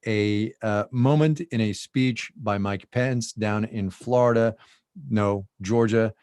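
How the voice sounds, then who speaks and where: A man co-hosting a podcast in casual chat. He agrees quickly and puts on mock-dramatic voices when he quotes people. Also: lowish voice, darkish tone, clear, resonant tone, no echo, studio quality. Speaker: podcast co-host.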